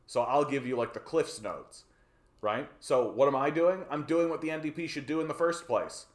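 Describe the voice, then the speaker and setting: A man's voice: on the high side, normal speed, roomy sound. A man with a Canadian accent, hosting a livestream of casual political commentary, rambling and profane, tagging his points with "right?". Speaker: livestream host.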